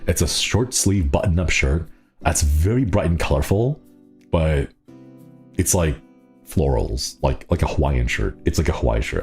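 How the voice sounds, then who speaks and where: Very deep-voiced man rambling casually. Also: animated, moderate pace, a little mellow, soft background music. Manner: rambling, laughs often, many restarts and fillers. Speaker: streamer. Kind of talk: casual chat reading viewer comments.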